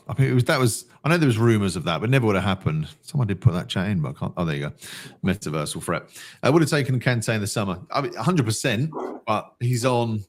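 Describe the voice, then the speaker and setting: A man with a deep voice co-hosts a fan watch-along. He reads viewer comments aloud and answers each one in a glum but talkative way. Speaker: fan channel co-host. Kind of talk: casual match watch-along chat.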